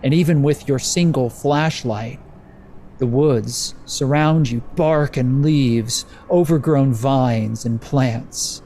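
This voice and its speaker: A man running a tabletop horror game as game master, narrating slowly and atmospherically. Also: medium pitch, dark tone, a little hiss or hum. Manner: slow, atmospheric descriptive narration.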